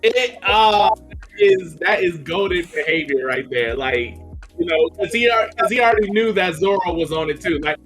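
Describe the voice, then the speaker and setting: A man's voice: high-pitched, lively intonation, moderate pace, a bit bright, faint music behind. A man in casual podcast chat, talking animatedly and acting out characters' lines as he goes. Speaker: podcast panelist.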